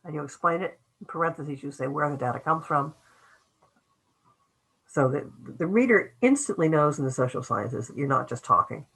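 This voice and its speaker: An older woman teaching an online writing class in a low, husky voice with a bright, forceful edge. She talks loosely and conversationally, trailing off, restarting, and acting out little quoted lines. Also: lively intonation, normal speed, low-quality recording. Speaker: academic writing lecturer. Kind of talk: webinar lecture.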